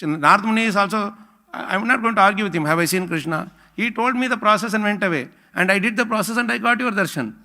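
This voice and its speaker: A man preaches in a relaxed, conversational way, chuckling and checking in with his listeners. His voice sits high and bright. It rings with the long reverb of a hall. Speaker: preacher giving a scripture class. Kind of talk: sermon.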